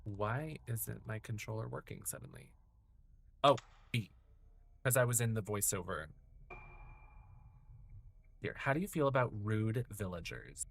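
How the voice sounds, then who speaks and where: In casual gameplay commentary on a horror game, a man in his thirties chats straight to his stream viewers, drifting between memories and cursing liberally. He sounds very animated yet a little slow, with a fairly low, gravelly, fairly bright voice and long pauses, over slight hiss or hum.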